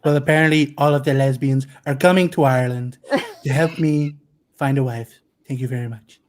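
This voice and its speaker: A man's voice: medium pitch, steady tone, a little fast, natural voice. A man doing an impression of a blustering older male politician, rambling and throwing insults in a self-important way over a video call. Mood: smug.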